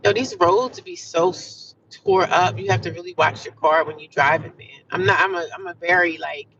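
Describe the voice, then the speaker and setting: A woman's voice: on the low side, moderate pace, recorded from a distance, dull audio, noisy background. A middle-aged woman chatting casually while driving, upbeat and full of affirmations, calling her viewers "honey" and "child.". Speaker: vlogger livestreaming from her car. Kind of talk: casual chat.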